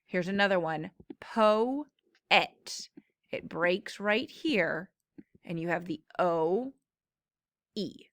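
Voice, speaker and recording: Slow, patient woman teaching phonics. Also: on the low side, gravelly, no room sound, studio quality. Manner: slow, patient explaining with drawn-out words. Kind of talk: classroom phonics lesson.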